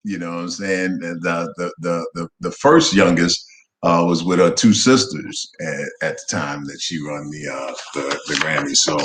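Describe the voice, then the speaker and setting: A man's voice: deep voice, fairly even intonation, normal speed, fairly bright tone, roomy sound. A man co-hosting a casual online chat show, joking and rambling with frequent restarts. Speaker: co-host.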